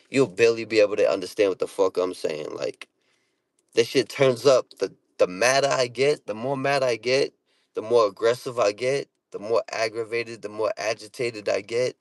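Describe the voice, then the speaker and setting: A man's voice on the low side, with no echo, belongs to a Boston-accented vlogger from the Boston area of Massachusetts. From a parked car he talks casually and profanely to camera, brash and slangy, repeating "you know what I'm saying."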